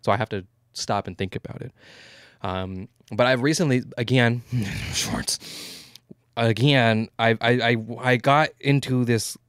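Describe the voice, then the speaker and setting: A man co-hosting a podcast in casual chat, talking fast and stammering, animated and swearing freely. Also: mid-range voice, smooth, no echo, studio quality. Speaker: podcast co-host.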